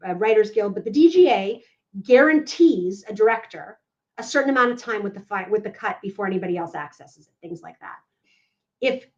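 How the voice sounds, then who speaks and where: Emphatic, fairly high-voiced woman legal analyst for a podcast; dull lo-fi audio. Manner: emphatic, keeps checking in with "right?".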